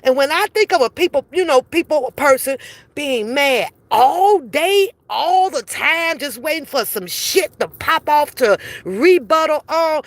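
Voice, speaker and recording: A woman from the US talking straight to her viewers in a loose commentary rant. Her voice sits a little high, and she stays blunt and profane throughout. She drops into quick acted-out quotes as she goes. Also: expressive, no room sound. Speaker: commentary vlogger. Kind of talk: casual commentary monologue.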